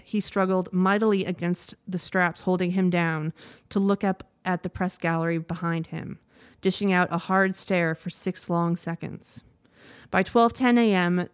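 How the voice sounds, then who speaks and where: Low, smooth-voiced woman reading news. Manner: measured, steady reading with occasional self-corrections. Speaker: news reader. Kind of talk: reading a news report aloud.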